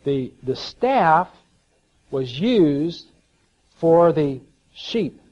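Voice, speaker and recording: A man's voice: on the high side, animated, extremely slow. Storytelling male preacher, lo-fi sound. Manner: storytelling, shifts between soft asides and emphatic scripture reading. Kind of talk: sermon. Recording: dull lo-fi sound.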